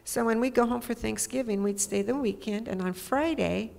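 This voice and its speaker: A woman's voice: a little high, normal speed, vocal fry, a little mellow. A woman sharing a fond childhood memory at church, in a nostalgic, reflective way. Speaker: speaker at church. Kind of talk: personal storytelling. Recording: long church reverb.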